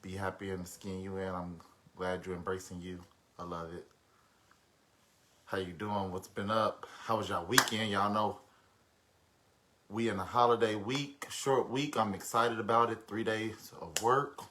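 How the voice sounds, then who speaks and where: A man with a bright, forceful voice talks casually on a live stream. He greets viewers one by one and chats loosely, with plenty of fillers. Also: lowish voice, steady tone, a little slow, a little hiss or hum. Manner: chatty, greets viewers by name, many fillers.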